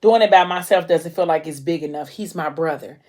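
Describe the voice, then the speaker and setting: A woman's voice: low-pitched, fairly quick, a little mellow. A woman doing an earnest devout teen girl. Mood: pleading.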